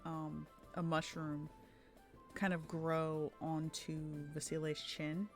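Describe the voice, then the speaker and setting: A woman running a tabletop game as game master, with a lowish voice. She narrates hesitantly, with many fillers, and giggles often. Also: level tone, slow pace, faint music behind.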